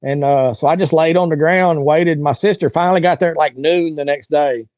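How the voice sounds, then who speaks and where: A man's voice: a little high, fairly even intonation, a little fast, no echo, highs cut off. A man, an interview guest, telling a long personal story in a casual, rambling, colloquial way and acting out what others said.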